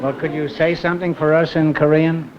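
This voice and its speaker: A man's voice: fairly high pitch, steady tone, a little fast, a faint crowd. A man hosting a quiz show, teasing his guests with dry quips and joking questions. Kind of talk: wisecracking quiz show banter. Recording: muffled 1950s TV audio with loud studio audience.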